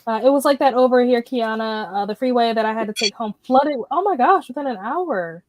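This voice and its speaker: Higher-voiced woman hosting a livestream. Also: lively intonation, brisk. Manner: greets chat viewers by name. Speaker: livestream host. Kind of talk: casual livestream chat.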